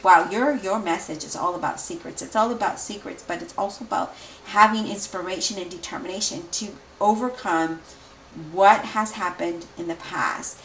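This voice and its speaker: A woman giving a tarot reading, energetic and repetitive, speeding up when excited. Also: medium pitch, moderate pace, a little hiss or hum. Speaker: tarot reader. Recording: echoey room, mic at a distance.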